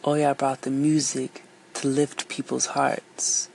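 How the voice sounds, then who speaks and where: Slow gravelly storyteller. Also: medium pitch, flat delivery, a little mellow, a little hiss or hum, poor audio. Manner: unhurried, lilting, voices each character. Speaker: storyteller reading aloud. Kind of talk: dialect folk-tale reading.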